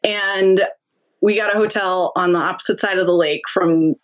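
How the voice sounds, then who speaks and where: A woman guest telling a lively story in a casual interview, laughing often as she talks. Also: fairly low pitch, normal speed, dull audio.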